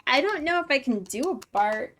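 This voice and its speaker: A woman's voice: high voice, expressive, normal speed, a bit bright. A woman hosting a live-streamed painting tutorial, talking with her chat in a chatty, bubbly way and laughing often.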